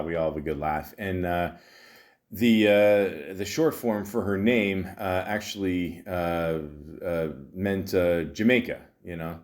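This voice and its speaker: A man in his forties with a lowish voice tells a story as a podcast host. He rambles and jokes wryly, stumbling over fillers and restarting his sentences as he goes. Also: steady tone, slow pace. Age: 40s. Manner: rambling, full of fillers and self-corrections, wry and jokey. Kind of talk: casual storytelling monologue.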